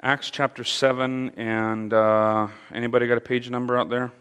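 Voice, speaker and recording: A man leading an interactive Bible study, speaking haltingly with fillers and repeated words and putting questions to his audience. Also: medium pitch, level tone, fairly bright tone, smooth. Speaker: Bible teacher. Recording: long reverb of a large hall.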